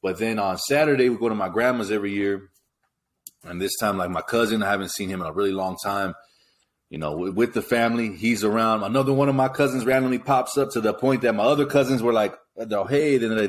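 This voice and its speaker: A man's voice: fairly low pitch, quick pace. A man in his thirties from California with a West Coast Chicano accent, co-hosting a podcast in a laid-back, casual chat and laughing often while he tells stories. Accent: West Coast Chicano English. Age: 30s. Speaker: podcast co-host.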